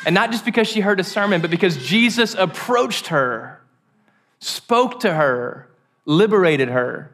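A man preaching a sermon, animated and joking, acting out the quoted voices. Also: high-pitched, unhurried.

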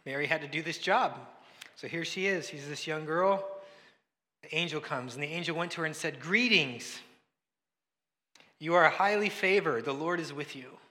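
A man preaching a sermon in a conversational way, acting out the voices he quotes and swinging between loud and hushed. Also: fairly high pitch, brisk, in a large hall. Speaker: pastor.

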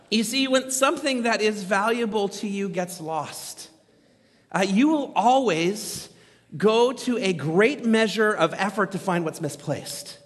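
A man in his thirties telling a story in a sermon as a pastor, animated and poking fun at himself. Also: sits high, unhurried. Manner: animated, self-mocking humor. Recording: long reverb from a large hall.

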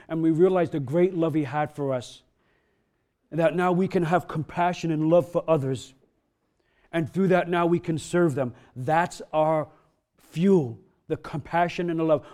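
Male pastor, slightly high voice, casual sermon with emphatic builds. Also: mellow.

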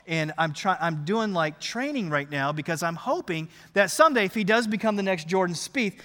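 A middle-aged man preaching a sermon, telling a story in an animated, conversational way. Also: high-pitched, moderate pace. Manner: animated, conversational, acts out scenes. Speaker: pastor. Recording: long reverb of a large hall.

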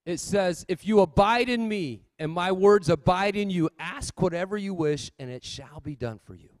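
High-pitched guy preaching, dry close sound, goes from fired-up shouting to soft asides. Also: normal speed, no room sound. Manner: swings between loud exhortation and quiet asides. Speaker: pastor. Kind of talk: sermon.

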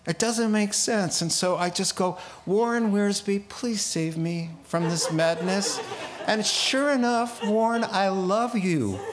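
A man delivers a relaxed expository sermon, taking his time over each point. His voice sits a little high, and he slips into the voices of the people in the story before stepping back to comment. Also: slight background noise. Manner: animated, acts out biblical characters with quick asides and laughs. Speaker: preacher.

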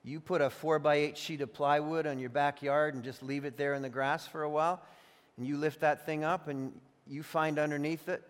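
A man preaching from the pulpit, his voice sitting high for a man. He is emphatic and slows right down to lean on key phrases, now and then stumbling into doubled words. A long hall reverb trails after each line, as in a large church. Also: fairly even intonation. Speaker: pastor. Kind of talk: sermon.

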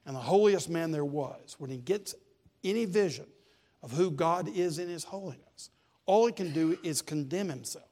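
A male pastor preaching a sermon in a church, emphatic and building to loud peaks. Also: fairly high pitch, animated, normal speed.

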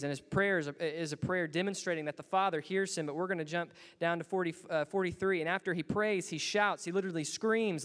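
A man's voice: on the high side, a bit bright, in a large hall. A man preaching a sermon in a church, earnest and building to emphatic bursts. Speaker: pastor.

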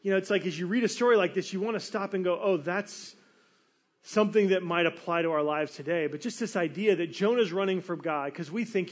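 A man preaching a sermon, telling a story with animated, acted-out quotes. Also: high-pitched, a little fast. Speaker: pastor.

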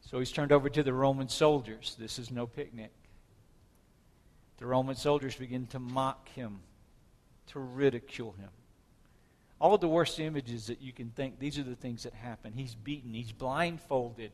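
A man delivers a sermon in a dramatic storytelling manner, his voice swelling on key moments. His voice is of middling pitch and carries the long reverb of a hall. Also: moderate pace. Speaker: preacher.

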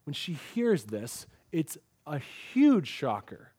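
A man delivers a lively sermon, dramatizing the story as he goes. His voice sits fairly high for a man. The recording is dry and close, with little room sound. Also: takes it slowly, husky, no echo. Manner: animated storytelling, acts out quoted lines. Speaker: pastor. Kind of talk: expository sermon.

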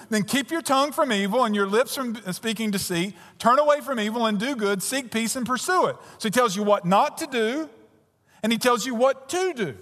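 A man preaching a sermon as pastor, putting direct questions to his congregation and swinging between emphatic and hushed delivery. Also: very high voice, big-room sound.

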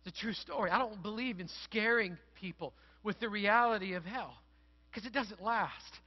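A man's voice: high voice, normal speed, lo-fi sound. A middle-aged man preaching a sermon as pastor, telling stories in a conversational way and building to earnest emphasis.

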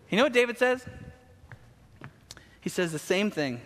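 A high-voiced man preaches a sermon, telling a Bible story with casual slang and lively energy. His voice rings through a large hall with a long reverb. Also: normal speed, long pauses.

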